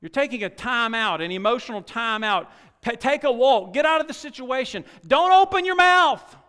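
A middle-aged man preaching a sermon in a folksy way, full of rhetorical questions and swinging from quiet asides to loud exhortation. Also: very high voice, brisk, clear, resonant tone. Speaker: pastor. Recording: long reverb of a large hall.

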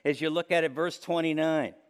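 Male pastor preaching, somewhat high voice, passionate delivery that rises loud and drops to a hush. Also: fairly even intonation, fairly quick, clean tone. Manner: impassioned preaching with wide swings between loud high peaks and low quiet passages. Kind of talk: sermon.

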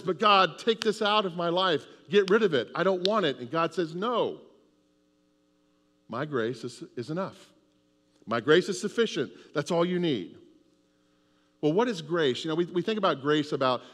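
A man's voice: a little high, a bit bright, long reverb tail. A man preaching a sermon with an emphatic, repetitive cadence. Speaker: pastor.

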